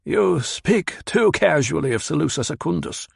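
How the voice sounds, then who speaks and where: A man's voice: a little high, expressive, normal speed, vocal fry, breathy edge, no echo, clean studio sound, pitched above the performer's own voice, full character voice. A man doing a cold, cutting old spymaster. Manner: clipped, cutting, coldly insistent.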